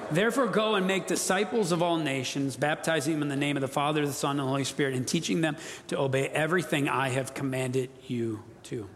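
A man's voice: mid-range voice, a little hiss or hum. A man preaching an earnest, emphatic sermon as a pastor, calling on the congregation to repeat after him. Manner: earnest, emphatic, leads congregation call-and-response. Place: church sanctuary. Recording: long reverb of a church hall.

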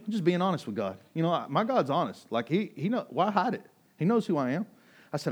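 A pastor delivering a sermon as an animated, emphatic storyteller, a man whose voice swings between hushed and loud. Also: on the high side, quick pace, breathy edge.

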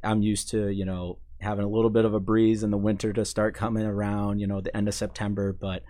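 A young man from Chicago who grew up in Maine, chatting casually as an interview guest, full of fillers and restarts and quick to laugh. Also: fairly low pitch, flat delivery, dark tone. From Chicago, raised in Maine. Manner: halting, many fillers and restarts, laughs easily. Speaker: sports information staff, podcast guest.

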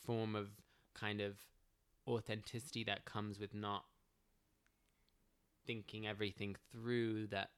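A man's voice: fairly low pitch, flat delivery, unhurried, pauses often, a bit bright, clean tone. Hesitant, hedging young man. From outside the United States. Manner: hesitant, hedging, mildly formal. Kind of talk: improvised comedic banter.

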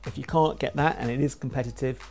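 A man who works in publishing gives brisk, casual advice, with frequent "uh" fillers. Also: medium pitch, steady tone, vocal fry, a little mellow, soft background music. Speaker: publishing professional giving tips.

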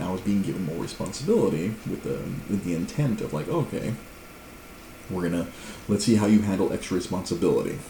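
A man's voice: low voice, echoey room, background noise. A man streaming, casually telling a rambling story to his live chat with many restarts. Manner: rambling, frequent restarts, laughs, lively.

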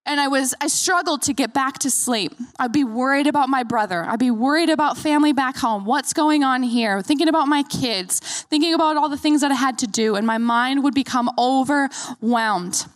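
A woman pastor in her thirties preaches with a bright, high voice. She speaks earnestly and encouragingly to her congregation. The sound is close and dry, with almost no room echo. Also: normal speed. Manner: earnest, encouraging, leads the congregation in repeating lines. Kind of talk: sermon.

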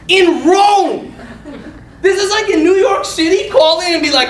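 A man telling a story in casual talk, animated, laughing often and acting out the voices of the people in it. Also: very high-pitched, moderate pace, recorded from a distance. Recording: echoey room, off mic, faint noise.

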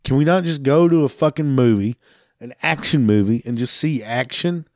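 A man's voice: mid-range voice, moderate pace, darkish tone, no room sound, clean studio sound. A man hosting a talk show, delivering an angry rant full of swearing, sometimes breaking into laughter. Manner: angry, swearing heavily, laughing between lines. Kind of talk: profane rant.

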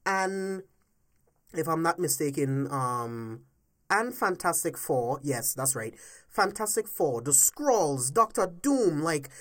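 A woman hosting a solo podcast, ranting heatedly and with lots of swearing, swinging between low mutters and loud outbursts. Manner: heated, profane, emphatic ranting. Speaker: podcast host.

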